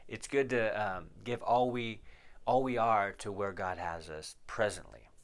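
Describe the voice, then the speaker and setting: Male pastor, low voice, reads verses aloud, explains them and quizzes the congregation. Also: fairly bright tone. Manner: asks the listeners rhetorical questions. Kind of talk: verse-by-verse Bible teaching.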